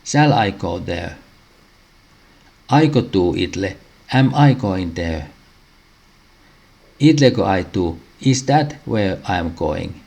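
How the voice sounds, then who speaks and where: A man slowly reading out a language lesson, pausing often and clearing his throat between phrases. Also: low-pitched, animated, a little mellow. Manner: halting, frequent throat clearing. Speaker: language teacher.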